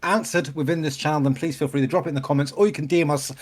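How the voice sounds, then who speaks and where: A man's voice: on the high side, fairly even intonation, racing. A man, a life coach co-hosting an advice show, brash, swearing freely and hyping up the listener. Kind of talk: casual advice talk.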